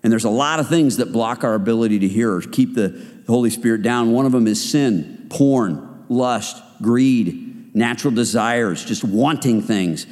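A man's voice: medium pitch, unhurried, a little mellow, in a large hall. A man giving a conversational sermon to a group of men, joking and acting out the voices in people's heads. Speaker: men's ministry speaker.

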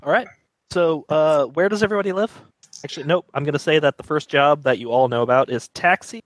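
A man running a tabletop role-playing game as game master, halting and full of fillers, with a wry tone. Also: fairly high pitch.

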